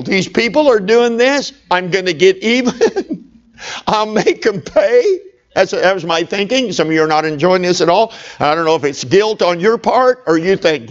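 A man's voice: high voice, expressive, moderate pace, muffled recording. A middle-aged male pastor telling a humorous personal story in a sermon, talking straight to his congregation. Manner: folksy, humorous, talks to the congregation.

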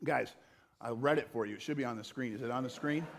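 A young adult male pastor delivering a sermon to a church room, impassioned and rising to loud emphatic peaks, with plain talk between them. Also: mid-range voice, quick pace, gravelly, a little hiss or hum. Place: church auditorium.

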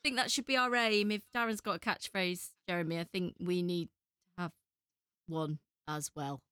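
A woman's voice: fairly low pitch, fairly even intonation, normal speed, sharp tone, clear, resonant tone, no room sound, clean studio sound. A woman co-hosting a chat show, reacting with gasps and playful teasing. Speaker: co-host. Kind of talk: casual chat.

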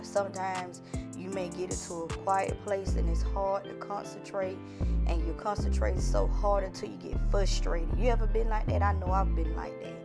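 A woman giving an impassioned, encouraging talk to her viewers, talking folksy and direct, building to fervent near-shouting like a preacher. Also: mid-range voice, steady tone, moderate pace, loud music behind the voice. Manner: folksy, calls to the audience directly. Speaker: online encourager addressing viewers.

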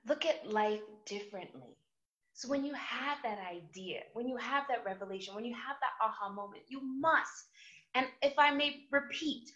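A woman's voice: a little high, lively intonation, moderate pace, a bit bright, highs cut off. A woman hosting a live motivational stream who speaks emphatically and repeats words for force. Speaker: host of a live motivational show.

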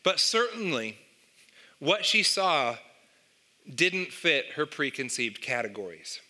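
A man's voice: on the high side, very animated, slow, sharp tone. A man preaching a sermon, telling an illustration and asking the listeners rhetorical questions. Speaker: pastor.

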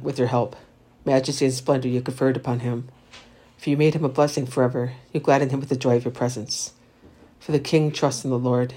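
A man reciting the Divine Office, reading psalms and lessons in a steady liturgical recitation. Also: medium pitch, husky. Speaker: prayer leader.

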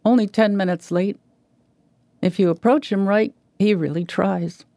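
Woman reading a wry father, ironic, gravelly, warm dark tone. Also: medium pitch, steady tone, a little slow, dry recording, close to an everyday voice. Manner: dry, ironic. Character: wry middle-aged father, dryly humorous.

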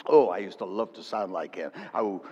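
Older preacher in echoey hall. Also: male voice, low-pitched, a little fast. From England. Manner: animated storytelling that swings from loud to hushed. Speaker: pastor. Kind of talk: sermon. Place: church hall. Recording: dull echoey church hall recording.

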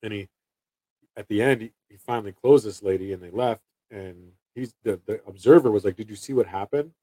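A man's voice: on the low side, brisk, dark tone, breathy edge, no room sound, rough recording. A man in his thirties, a salesman, chatting casually and rambling through stories with many restarts. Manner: rambling, restarts sentences, acts out quotes. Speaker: door-to-door salesman. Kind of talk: casual chat.

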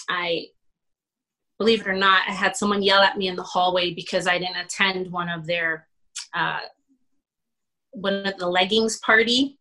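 Pastor's wife guest, bright tone, candid and emotional storytelling. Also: female voice, medium pitch, low-quality recording. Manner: emotional, animated retelling with laughs and quoted dialogue.

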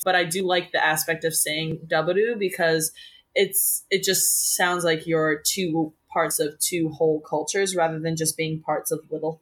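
A woman's voice: low-pitched, a bit bright. A woman speaking as a podcast guest, telling personal stories in an earnest, casual way and often quoting others. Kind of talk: casual interview conversation.

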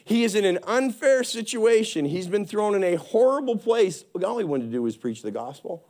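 Intense male preacher; animated delivery, lively pitch, loud peaks. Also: moderate pace. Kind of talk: sermon.

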